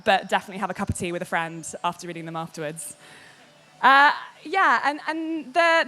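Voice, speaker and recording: A woman giving a candid, animated public talk to an audience about working in games media. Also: on the high side. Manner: animated and candid, quotes others in lively voices.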